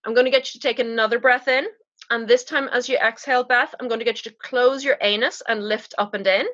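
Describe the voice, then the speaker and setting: Woman coach, high-pitched with a husky edge, steady and encouraging instructions. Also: fast. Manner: calm, instructive, coaxing. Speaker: pelvic floor expert guest. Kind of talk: guiding an exercise on a podcast. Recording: slightly dull, lo-fi podcast audio.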